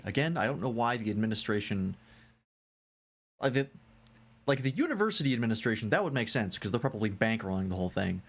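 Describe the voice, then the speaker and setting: Male streamer, casual musing commentary, animated delivery. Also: fairly low pitch, fast talker, long pauses, background noise. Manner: musing, chatty asides. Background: game music.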